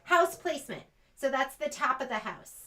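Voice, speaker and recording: A woman's voice: sits high, very animated, normal speed, pushed and bright. An American woman demonstrating machine embroidery in a sewing shop, chatting casually and thinking aloud as she works.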